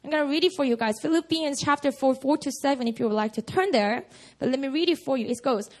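A woman's voice: high voice, quick pace, darkish tone. A woman preaching a casual, conversational sermon at a prayer meeting, full of "you know" and "like". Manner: chatty, many fillers like "you know" and "like".

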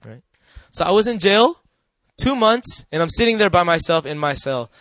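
A man giving a personal testimony to an audience, telling his story earnestly and often checking in with the listeners, sometimes dropping soft and quiet. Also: sits high, animated, moderate pace, no room sound. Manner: earnest and emotional, drops soft and quiet at tender moments. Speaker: speaker sharing a personal testimony.

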